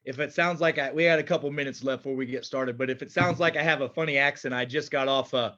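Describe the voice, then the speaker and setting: A man's voice: medium pitch, steady tone, fast talker, pushed and bright. A man hosting a live online wellness workshop, upbeat and chatty, with filler words, heard through a computer mic on a video call. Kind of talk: live webinar talk. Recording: dull lo-fi video call audio.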